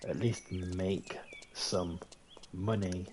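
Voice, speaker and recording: Very low-voiced man, around forty, jokey game commentary; faint background noise. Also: steady tone, extremely slow, darkish tone. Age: 40s. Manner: chatty, joking, thinks aloud. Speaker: gaming YouTuber. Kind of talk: gameplay commentary.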